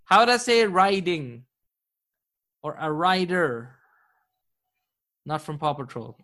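A man's voice: fairly high pitch, sing-song, slow pace, sharp tone. A man teaching an Arabic grammar class live online, patient and encouraging, often chuckling.

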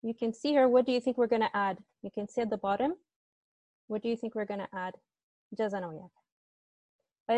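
A woman's voice: on the high side, fairly even intonation, fairly quick, pauses often, mellow, no echo. A young woman teaching assistant explaining grammar in an online tutorial, hesitant and often apologizing.

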